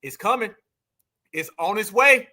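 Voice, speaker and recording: High bright-voiced animated male commentator. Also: measured pace. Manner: animated, preachy, laughs often, slangy. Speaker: livestream commentator. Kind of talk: reaction commentary.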